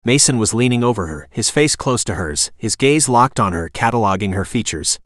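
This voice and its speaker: A synthetic male text-to-speech voice doing scripted audiobook narration, with an expressive reading. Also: fairly low pitch, normal speed, no echo, clean studio sound.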